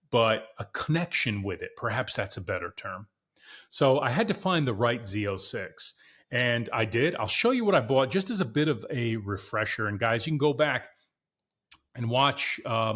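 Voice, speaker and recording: A man's voice: mid-range voice, a bit bright. Candid, emphatic man talking cars. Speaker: podcast host. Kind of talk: casual car talk to viewers.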